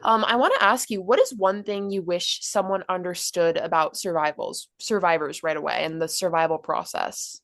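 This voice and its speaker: A woman's voice: lowish voice, fairly even intonation, normal speed, hardly any pauses, a bit bright, no echo, clean studio sound. A woman hosting a podcast interview, effusive and gushing with praise. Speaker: podcast host.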